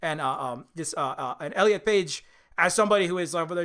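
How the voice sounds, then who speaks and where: Higher-pitched man, indie game dev on stream, loose rambling talk, swears freely. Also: quick pace. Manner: rambling, animated, profane, many restarts.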